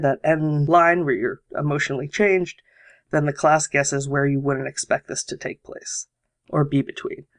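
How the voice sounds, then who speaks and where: Podcast host, male, a bit high-pitched with some fry, easygoing explainer. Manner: explanatory, walks through steps with examples. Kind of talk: casual explanation of improv exercises.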